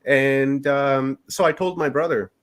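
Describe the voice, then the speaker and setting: A middle-aged man from Canada, a podcast guest recounting his own experiences in a loose, unhurried way. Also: medium pitch, fairly even intonation, smooth. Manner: unhurried, rambling storytelling. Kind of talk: personal storytelling in an interview.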